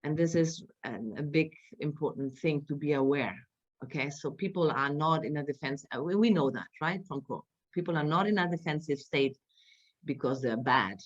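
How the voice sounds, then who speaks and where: Low-voiced woman lecturing, hesitant. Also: moderate pace. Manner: hesitant, many fillers and tag questions. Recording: dull lo-fi recording.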